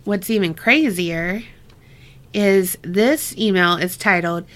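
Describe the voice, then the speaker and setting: A woman's voice: on the low side, slow pace, a bit bright. A woman co-hosting a casual podcast, reading listener stories aloud, laughing often and swearing freely. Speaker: podcast co-host.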